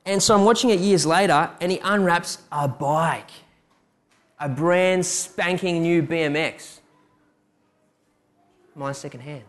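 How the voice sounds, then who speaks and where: A man's voice: high-pitched, unhurried. A young man preaching a sermon, telling personal stories and asking rhetorical questions. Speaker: preacher giving a testimony.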